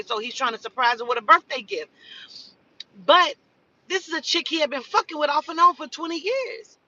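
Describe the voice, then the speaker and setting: A woman in her forties, a spiritual advisor, telling a story in casual, profane, animated talk and acting out the voices of others. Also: high-pitched, far from the mic, muffled recording.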